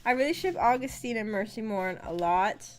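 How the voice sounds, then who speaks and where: A woman's voice: on the high side, animated, moderate pace, faint music behind. A woman streaming a casual book discussion, chatty and often giggling as she reads chat aloud.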